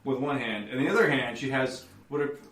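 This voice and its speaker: A man's voice: medium pitch, fairly quick, a bit bright, reverberant, recorded from a distance. A man narrating as game master, rambling and correcting himself as he describes the scene. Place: theater stage.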